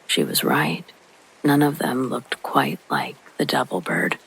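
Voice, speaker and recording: Gravelly hushed male story narrator. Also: medium pitch, very animated, slight background noise, rough recording. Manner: hushed, slow, often breathy and whispery. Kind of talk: scripted narration. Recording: with rain sounds behind.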